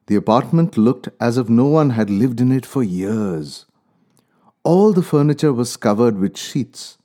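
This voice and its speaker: A man telling a first-person story in a calm, measured, reflective way. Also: mid-range voice. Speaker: narrator. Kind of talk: storytelling narration.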